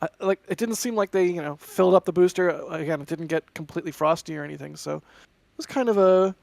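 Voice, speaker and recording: A man's voice: high-pitched, quick pace, gravelly, a little mellow, dry recording. A man co-hosting casual live commentary, rambling a little, hedging his guesses and cracking puns. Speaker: stream co-host.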